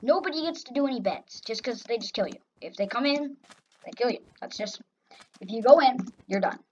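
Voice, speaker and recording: Lively sarcastic young woman gamer. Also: a little high, a little fast, breathy edge. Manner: exaggerated sarcastic cheer, grumbling complaints. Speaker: gaming YouTuber. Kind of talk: casual gameplay commentary. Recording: slightly dull lo-fi audio with faint noise.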